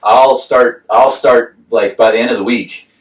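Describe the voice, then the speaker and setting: A man's voice: mid-range voice, fairly even intonation, unhurried. A man with a Southern American accent, co-hosting a podcast and telling a rambling story with frequent laughs. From Southern United States. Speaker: podcast co-host. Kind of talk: casual chat. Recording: roomy echo, far from the mic.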